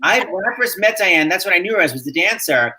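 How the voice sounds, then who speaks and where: A man's voice: sits high, lively intonation, fast, bright, forceful tone. A man hosting an online show, chatting in a playful, teasing way over a video call. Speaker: host. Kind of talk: casual chat on a video call.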